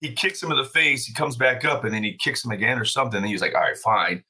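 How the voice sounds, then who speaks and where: A man's voice: mid-range voice, fast, sharp tone, slightly rough. A man as a podcast guest, telling a story in a loose, profane, casual way and laughing often.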